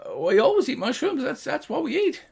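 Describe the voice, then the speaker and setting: A man's voice: extremely high pitch, huge pitch swings, a little fast, gravelly, over a noisy crowd, pitched above the performer's own voice, full character voice. A man voicing a nervous, bumbling male gnome guard who rambles and stammers with lots of uhs. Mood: flustered. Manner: hesitant, rambling, full of uhs and repeats.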